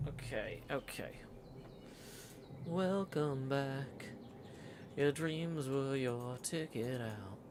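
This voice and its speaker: A man's voice: mid-range voice, background noise. A man chatting casually on a live stream, joking with chat and humming to himself. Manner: playful, hums and scats to himself.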